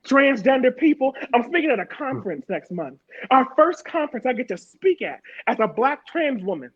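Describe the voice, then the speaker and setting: Woman from harrisburg telling her story, really high voice, leans hard on words and repeats them, kinda dull muffled audio. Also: very animated, moderate pace, breathy edge. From Harrisburg, Pennsylvania. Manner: emphatic, repeats words for stress. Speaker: panel guest. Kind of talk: personal testimony in a panel talk.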